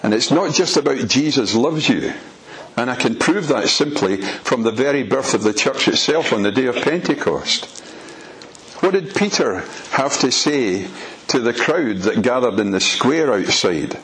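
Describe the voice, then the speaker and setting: A man's voice: medium pitch, animated, unhurried, a bit bright, low-quality recording. Man, preacher, sermon, emphatic, rhetorical questions.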